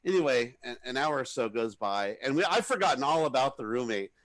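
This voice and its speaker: A middle-aged man co-hosting a podcast, telling party stories in a rambling, animated way and shouting out the lines he quotes. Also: medium pitch, a little fast. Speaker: podcast co-host. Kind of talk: casual storytelling.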